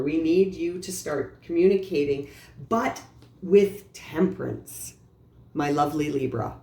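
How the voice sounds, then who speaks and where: A woman's voice: low-pitched, warm tone. A woman giving an earnest, reassuring tarot reading, speaking directly to the listener in a casual way. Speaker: tarot reader. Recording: roomy echo with faint background noise.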